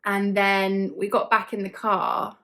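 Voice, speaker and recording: A woman's voice: medium pitch, monotone, slow, pushed and bright. A young woman telling a story casually to her vlog audience, chatty, with lots of fillers and frequent laughs. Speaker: vlogger.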